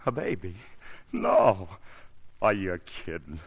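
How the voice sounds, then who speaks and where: An actor playing a brash young male dancer who talks in quick, wisecracking slang, in 1940s radio acting. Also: on the low side, very animated, muffled recording.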